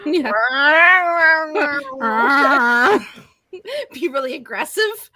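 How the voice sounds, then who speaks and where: A woman's voice: high-pitched, expressive, drawn-out words, a crowd in the background. A woman co-hosting a casual chat podcast who chimes in with short, wry, profane quips. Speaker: podcast co-host.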